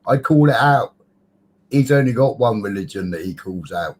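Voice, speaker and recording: A man rants in a husky voice, swearing hard. He stops on fillers and then presses on with his point. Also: on the low side, lively intonation, normal speed. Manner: sweary, ranting, hesitant with fillers. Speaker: live-stream panel chatter. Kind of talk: casual ranting chat.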